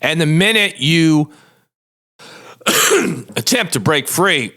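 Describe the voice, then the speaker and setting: Bright, blunt, profane man ranting. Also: a little high, lively intonation, takes it slowly, pauses often. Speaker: podcast host, lawyer. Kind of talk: profane monologue.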